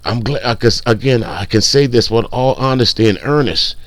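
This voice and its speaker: A man's voice: medium pitch, normal speed, a bit bright, dry recording. A man hosting casual reaction commentary, blunt, profane and mocking. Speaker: commentary channel host.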